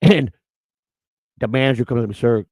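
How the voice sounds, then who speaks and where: A man's voice: mid-range voice, fast, vocal fry, no room sound, low-quality recording. A middle-aged man hosting, telling rambling stories in a casual, outspoken way with many restarts. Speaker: host. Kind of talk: casual storytelling on camera.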